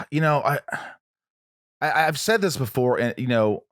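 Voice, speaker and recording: A man's voice: mid-range voice, animated, measured pace, a bit bright, no echo, studio quality. A man hosting a podcast in casual conversation, blunt and emotional, swearing freely. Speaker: podcast host.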